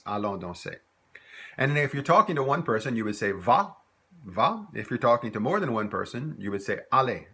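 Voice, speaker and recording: A man from teaches a recorded lesson, with a lowish, husky voice and a forceful edge. He explains patiently and step by step, repeating short example phrases. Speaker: French teacher.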